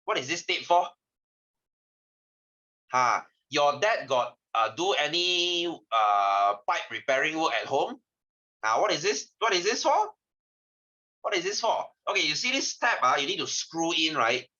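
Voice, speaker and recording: A man with a Malaysian English accent teaching a science class, teasing and lively, dropping lah and ah between questions. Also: a little high, measured pace, muffled recording. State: tired, yawning. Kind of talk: online class lesson.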